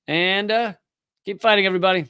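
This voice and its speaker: High, smooth-voiced man hosting a livestream. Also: steady tone, brisk, pushed and bright, no echo, studio quality. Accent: Southern American, Virginia. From Richmond, Virginia. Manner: loose, conversational, full of fillers and restarts, with blunt profanity. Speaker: show host. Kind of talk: casual livestream commentary.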